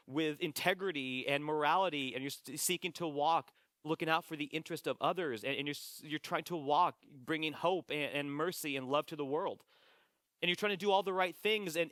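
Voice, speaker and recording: A man's voice: a little high, fairly bright tone, no echo, studio quality. Earnest male pastor preaching. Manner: earnest, repeats phrases, slows for quoted scripture. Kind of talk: sermon. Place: church sanctuary.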